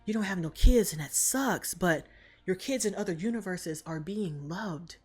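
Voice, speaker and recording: A woman's voice: lowish voice, expressive, normal speed, slightly rough, faint music behind. A woman voicing a proud, dangerous witch mother, sassy and self-pitying.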